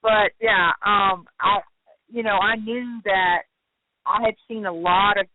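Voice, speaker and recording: A man's voice: high-pitched, steady tone, slow, no room sound. A man talking casually as a guest on a paranormal talk show, rambling and hesitant, over a phone line. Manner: rambling, hesitant, full of fillers. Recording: tinny phone-line sound, dry.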